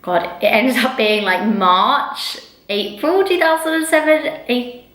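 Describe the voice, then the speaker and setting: A woman's voice: fairly high pitch, expressive, slow pace, a bit bright, roomy sound, low-quality recording. A young woman vlogging to camera in casual chat, chatty and rambling with lots of fillers, recorded on a camera mic. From England. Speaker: fitness vlogger.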